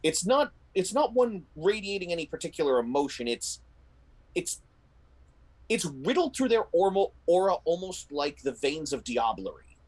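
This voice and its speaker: Man, game master, descriptive tabletop narration, slightly higher voice. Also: moderate pace, rough recording. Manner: descriptive, animated storytelling with frequent restarts.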